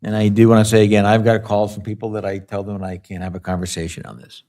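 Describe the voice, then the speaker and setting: A man serving as board chairman, running a public meeting in a procedural but relaxed and friendly way. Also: on the low side, fast talker.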